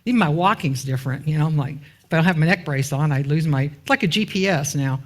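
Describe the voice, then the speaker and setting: A woman's voice: low voice, fast talker. A woman minister giving a conversational sermon in a church, often asking the congregation questions and dropping in informal asides. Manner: asks the congregation rhetorical questions and waits for answers. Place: church sanctuary.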